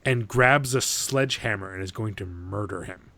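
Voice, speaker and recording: This podcast co-host speaks in a fairly low register at a moderate clip, recounting a movie with plenty of energy. He curses openly and performs quoted lines as he goes.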